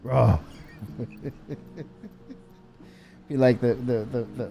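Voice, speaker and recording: Male game streamer, dark mellow tone, wry, mock-angry running commentary. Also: mid-range voice, steady tone, drawn-out words, creaky, pauses often, soft background music. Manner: wry, mock-angry grumbling with self-mocking laughs. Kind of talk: live gameplay commentary.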